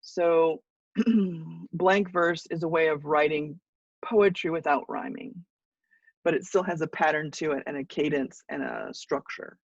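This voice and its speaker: A woman teaching a college English class, explaining patiently with pauses and now and then clearing her throat. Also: low voice, no echo, muffled recording. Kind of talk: class lecture.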